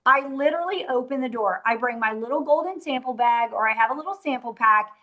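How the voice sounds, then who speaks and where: A woman leading a motivational sales training, emphatic and direct, acting out her pitches in a softer voice. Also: fairly quick. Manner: energetic, emphatic, talks straight to the group.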